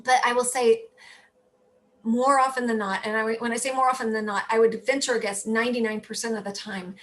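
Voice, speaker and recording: A woman who ran for office, talking as a guest in a casual interview, telling stories in an animated way and often correcting herself mid-sentence. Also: a little high, brisk. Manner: animated storytelling, self-correcting. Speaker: political candidate, guest.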